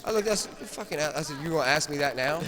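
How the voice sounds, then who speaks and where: A man telling a long, profane story in a rambling, animated way, often laughing at himself. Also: on the high side, quick pace. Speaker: storyteller at a cannabis rally. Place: large stone rotunda, indoors. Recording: echoey rotunda with crowd.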